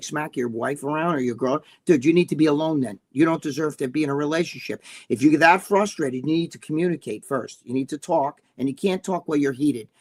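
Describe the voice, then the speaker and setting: A man's voice: fairly high pitch, husky. A man with a New Jersey accent, co-hosting a casual live chat in a blunt, rambling, profane way. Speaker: co-host.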